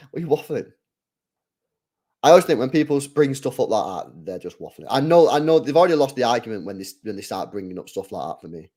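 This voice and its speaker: Chatty bloke streaming a match. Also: male voice, medium pitch, fast talker. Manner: casual and chatty, slangy, with excited outbursts at match action. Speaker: streamer hosting a live match watch-along. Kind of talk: live football watch-along commentary, reading chat.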